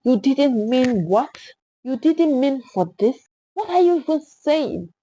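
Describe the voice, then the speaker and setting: A woman voicing a grief-stricken young husband who shouts in fury and disbelief. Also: big pitch swings, slow, exaggerated voice, low-quality recording. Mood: raging. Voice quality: shouting, high-strung.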